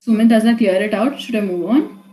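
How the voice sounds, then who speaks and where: Her voice warm and mid-range, a young Indian-accented woman tutors a student in poetry online, speaking fairly quickly. She's relaxed and talkative, weaving Hindi into English and often using fillers and starting over, all in an echoey room.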